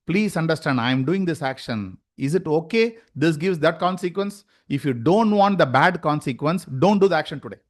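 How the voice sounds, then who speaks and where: Indian-accented man giving a yoga lesson. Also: on the high side. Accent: Tamil-influenced Indian English. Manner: explains with rhetorical questions and anecdotes. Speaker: yoga teacher. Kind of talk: lecture to a class.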